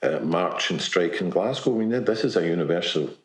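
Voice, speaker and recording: A man with a deep voice speaks hesitantly, stumbling over restarts as he makes his point. His voice carries a roomy echo. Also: lively intonation, brisk. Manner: hesitant, many restarts and fillers. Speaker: newspaper journalist. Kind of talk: casual round-table chat. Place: kitchen table.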